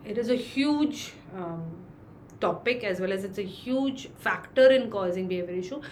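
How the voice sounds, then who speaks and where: A woman's voice: mid-range voice, slight background noise. Woman dog trainer explaining patiently. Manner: explains with acted-out examples, many fillers. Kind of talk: interview answer, explaining.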